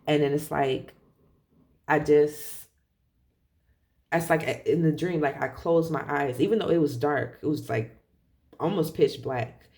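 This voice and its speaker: A tarot reader talking casually and rambling, correcting themself often and laughing softly as they share a reading. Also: mid-range voice, measured pace, pauses often.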